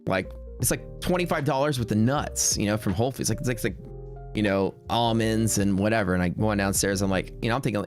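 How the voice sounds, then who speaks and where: A man with a low voice tells stories on a livestream in a loose, rambling way, restarting his sentences and filling gaps with "like" and "um". Faint music plays behind him. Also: quick pace. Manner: rambling, laid-back, full of fillers and restarts. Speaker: streaming day-trading host. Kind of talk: casual storytelling on a livestream.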